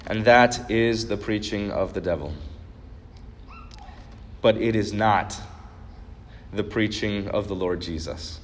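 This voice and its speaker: A man's voice: on the low side, takes it slowly, pauses often, slight background noise. A man preaching a sermon as a pastor, telling a story earnestly and building to emphatic repeated points. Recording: long reverb of a large hall.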